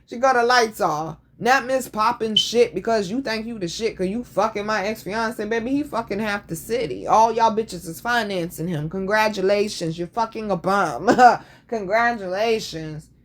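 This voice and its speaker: A woman's voice: mid-range voice, normal speed, hardly any pauses. A woman hosting a casual show, telling stories in a blunt, profane, sassy way. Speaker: podcast host. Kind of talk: casual storytelling chat.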